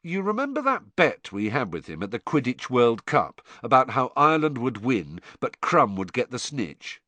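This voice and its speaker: A man's voice: mid-range voice, very animated, normal speed, pushed and bright, dry recording. A man voicing a brash teenage boy prankster, matter-of-fact and impatient.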